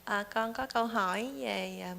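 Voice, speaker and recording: A woman asking the teacher a question softly and hesitantly, laughing nervously between words. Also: mid-range voice, moderate pace, vocal fry. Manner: soft, hesitant, giggly. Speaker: audience member asking a question.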